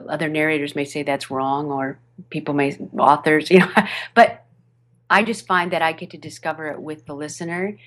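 A woman who narrates audiobooks, chatting animatedly in an interview, with fillers and quick restarts. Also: low-pitched, steady tone. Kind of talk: podcast interview chat. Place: home studio over a video call.

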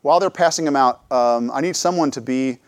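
A man's voice: medium pitch, fairly quick, dry recording. A middle-aged man giving a church talk, telling personal stories and acting out what he and others said. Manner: lively storytelling, acts out his own quotes. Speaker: church speaker.

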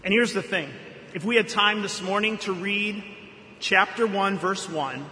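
High bright guy preaching, earnest storyteller, big echoey church hall sound. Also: unhurried. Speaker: pastor. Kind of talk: sermon. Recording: echoey hall reverb, faint room noise.

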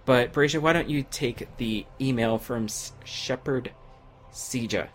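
A man's voice: mid-range voice, a little slow, a little hiss or hum. Chatty man losing his voice. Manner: rambling, chatty, laughs often. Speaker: podcast co-host. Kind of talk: casual gaming podcast chat.

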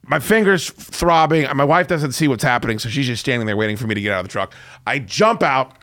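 A man's voice: mid-range voice, expressive, quick pace, fairly bright tone, no room sound, studio quality. A man in his forties hosting a radio show, telling a story in a profane, self-mocking rant. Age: 40s. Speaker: radio host. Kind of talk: casual on-air storytelling.

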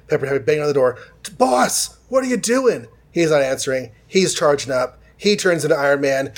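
Podcast host, male, higher voice, loose and chatty comic recap with quick character voices. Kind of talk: casual comic book recap.

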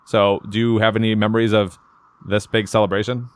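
A low-voiced man hosts a relaxed podcast chat. He rambles through his thoughts and often corrects himself mid-sentence. The sound is close and dry, with no room around him. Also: fairly quick, no room sound. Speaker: podcast host. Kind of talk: casual chat.

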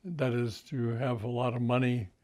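An older man being interviewed, recalling past events slowly, with frequent fillers and restarts. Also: medium pitch, steady tone, darkish tone. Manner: halting, many fillers and restarts. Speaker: interview guest.

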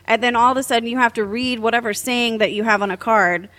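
A woman's voice: a little high, fairly even intonation, fast, a bit bright. Chatty woman telling a story. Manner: chatty, giggly. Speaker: cosplayer guest. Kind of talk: casual storytelling.

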